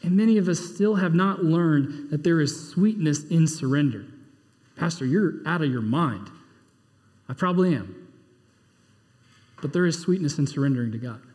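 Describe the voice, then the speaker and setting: A man preaching in a high, bright voice. He swings from emphatic, rising bursts down to low, quiet asides. His words ring out with a long reverb from a church hall. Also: normal speed. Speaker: pastor. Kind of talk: sermon.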